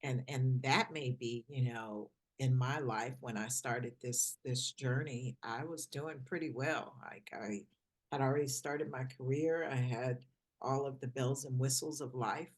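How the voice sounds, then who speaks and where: A woman hosting a podcast, speaking in a calm, measured and reflective way as she asks questions and shares her own view. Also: a bass voice. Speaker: podcast host. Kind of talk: podcast interview.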